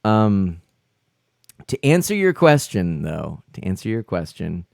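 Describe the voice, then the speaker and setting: Male streamer, flustered and giggly, unhurried delivery with a swooping pitch, dry close sound. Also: big pitch swings, gravelly, a little mellow, dry recording. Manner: flustered, laughing and exclaiming often. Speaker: game streamer. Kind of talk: live-stream chat with viewers.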